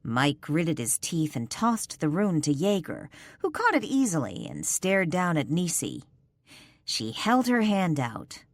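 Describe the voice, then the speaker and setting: A woman narrating a paranormal romance audiobook in a measured, expressive storytelling manner. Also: deep voice, dry recording, studio quality. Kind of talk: scripted narration.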